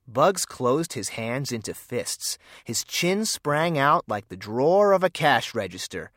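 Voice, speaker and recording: A storyteller reading a children's mystery aloud with expressive storybook delivery. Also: medium pitch, measured pace, few pauses, dry recording, clean studio sound. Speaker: narrator.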